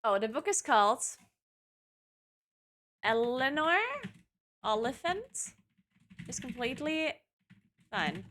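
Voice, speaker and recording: A woman's voice: a little high, lively intonation, slow, long pauses, a bit bright. A woman streamer chatting casually with her viewers from her apartment, talking in loose runs full of fillers and restarts. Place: home apartment.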